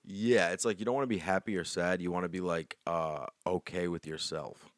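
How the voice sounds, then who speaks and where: A man's voice: deep voice, fairly even intonation, a little fast, dry recording, studio quality. A young man co-hosting a podcast in casual, rambling chat, joking and leaning hard on "like". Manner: rambling, joking, heavy use of "like". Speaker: podcast co-host.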